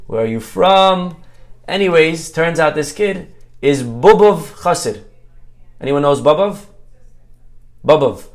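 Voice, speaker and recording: A rabbi preaching to his listeners, a man from Brooklyn. He tells stories with energy, acting out each exchange and checking in with quick asides to the room. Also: mid-range voice. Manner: animated storyteller, acts out dialogue, many "okay?" asides. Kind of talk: sermon with storytelling.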